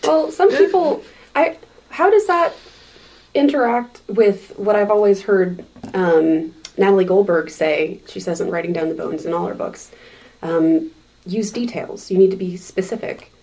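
A woman's voice: mid-range voice, measured pace, dark tone, poor audio. A woman co-hosting a writing podcast, thinking aloud and searching for her words. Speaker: podcast co-host. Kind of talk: casual panel discussion.

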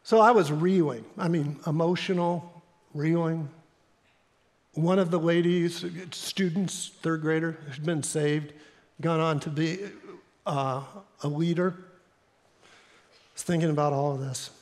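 A middle-aged pastor with a Midwestern accent, telling a story in a sermon in an earnest, halting way with fillers. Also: male voice, fairly high pitch, steady tone. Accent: American Midwestern. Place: church sanctuary. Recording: long hall reverb in a church.

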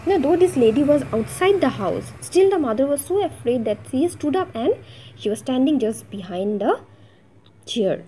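A woman's voice: sits high, sing-song, normal speed, warm tone, a little hiss or hum, rough recording. A woman explaining a story to a class, often asking "yes or no?" as she goes. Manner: asks the class rhetorical questions like "yes or no?". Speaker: English teacher. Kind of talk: story lesson explaining a text.

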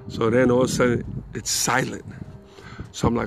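A man telling a rambling, profane personal anecdote in a casual, animated way. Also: medium pitch, normal speed, creaky, over music. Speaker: storyteller.

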